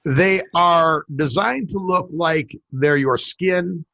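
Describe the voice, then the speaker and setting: A man co-hosting a casual talk show, telling stories in a rambling, animated way. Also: a little high, takes it slowly, vocal fry. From western United States. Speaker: podcast co-host. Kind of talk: casual chat.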